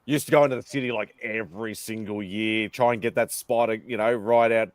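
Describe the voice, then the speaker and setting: A man's voice: lowish voice, steady tone, brisk, dry recording. A man with an Australian accent hosting a casual livestream chat, rambling and restarting his sentences. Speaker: livestream host. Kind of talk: casual chat on a video call.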